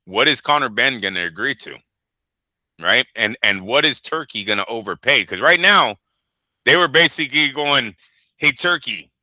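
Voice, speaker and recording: A man hosting a boxing show, talking in a casual, animated and profane way and rambling from point to point. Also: medium pitch, normal speed, no room sound. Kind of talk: casual chat.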